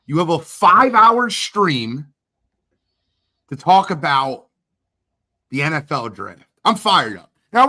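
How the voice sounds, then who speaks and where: A man hosting a livestream draft watch party, hyped and talking quickly, shouting out guests and asking viewers to share. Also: fairly high pitch. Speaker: host. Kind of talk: energetic livestream chat.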